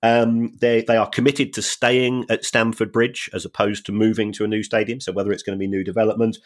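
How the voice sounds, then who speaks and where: A man's voice: on the low side, flat delivery, a little fast. A man co-hosting a football finance podcast, talking casually and drily with frequent hesitations and repeated words. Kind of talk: casual chat.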